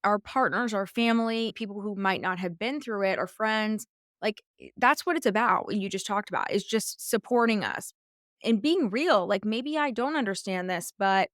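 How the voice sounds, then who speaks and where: A woman's voice: mid-range voice, normal speed, no echo, studio quality. A woman hosting a podcast interview, talking in a chatty, gushing way with lots of "like" fillers. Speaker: podcast host. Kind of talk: conversational interview.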